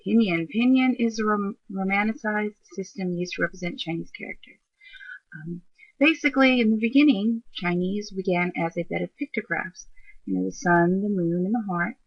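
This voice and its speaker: Gravelly-voiced woman teaching a lesson. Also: medium pitch, moderate pace, no room sound. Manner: explanatory, addresses learners directly, with fillers. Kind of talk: narrated slideshow lesson. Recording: dull lo-fi dry voice recording.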